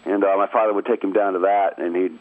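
A middle-aged man from Maine, a radio interview guest, tells a family story over the telephone in an easygoing way, chuckling as he goes. His voice is deep and steady, and he speaks fast. The tinny phone line is dry, with no room sound.

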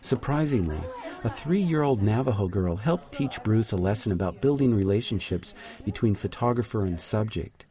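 A man narrating a radio news feature as a reporter, in a measured, reflective way. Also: lowish voice, animated, warm tone.

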